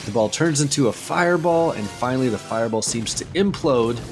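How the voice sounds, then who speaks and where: A man hosting a casual movie podcast, chatting in a relaxed, easygoing way and reading out scene descriptions. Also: mid-range voice, a little fast, music in the background. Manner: relaxed, easygoing, trails off with fillers. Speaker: podcast host.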